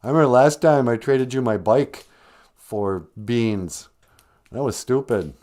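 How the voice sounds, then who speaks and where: A man's voice: mid-range voice, animated, a little slow, darkish tone, natural voice. A man voicing a gullible, eager young boy in a told folktale. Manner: eager, naive.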